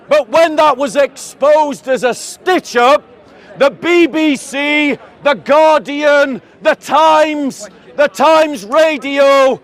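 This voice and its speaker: A man with a southern English accent, giving a declamatory public speech to a crowd outdoors and calling them ladies and gentlemen. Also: extremely high pitch. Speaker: street preacher.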